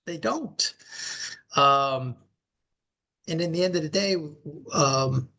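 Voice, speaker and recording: A man co-hosting a podcast and working as a leadership coach, talking in a reflective, measured way. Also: a little high, vocal fry, bright, forceful tone. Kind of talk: casual podcast conversation.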